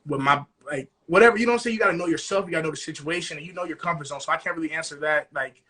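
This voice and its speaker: A man's voice: a little high, rapid-fire, sharp tone. A young man co-hosting a podcast, chatting casually and animatedly, often asking "you know what I'm saying". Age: young adult. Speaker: podcast co-host. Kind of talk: casual chat.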